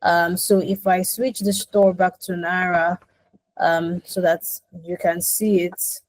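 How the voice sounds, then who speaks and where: A woman's voice: fairly low pitch, level tone, takes it slowly, dry recording, rough recording. A woman presenting a product demo on a video call, explaining step by step with frequent ums.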